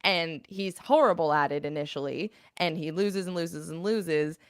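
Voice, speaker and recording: A woman's voice: low voice, moderate pace, clean tone, no echo, clean studio sound. A woman co-hosting a casual market-news podcast, explaining points plainly and raising questions. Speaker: podcast co-host.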